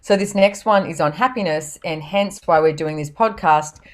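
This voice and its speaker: A woman's voice: low voice, moderate pace. A woman hosting a podcast, chatting casually and laughing often as she tells stories. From Australia. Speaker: podcast host and author.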